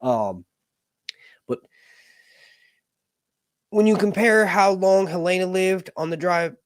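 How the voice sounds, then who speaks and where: A man's voice: sits high, lively intonation, takes it slowly, no room sound, clean studio sound. A man hosting a casual livestream chat, rambling with lots of fillers and jokes. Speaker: host.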